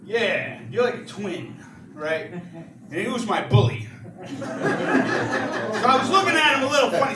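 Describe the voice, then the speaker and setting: Young New comedian in a club. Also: male voice, high-pitched, a little slow, pauses often, heavy background noise. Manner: chatty, animated rants, frequent "you know". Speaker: stand-up comedian. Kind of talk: stand-up comedy with crowd work. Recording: echoey club from far off, loud crowd laughter.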